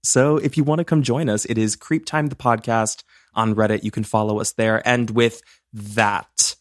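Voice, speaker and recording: Male true-crime podcast co-host, chatty and jokey, slightly low voice, dry booth sound. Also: fairly even intonation, normal speed, no room sound. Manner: chatty and bubbly, jokes and rambles.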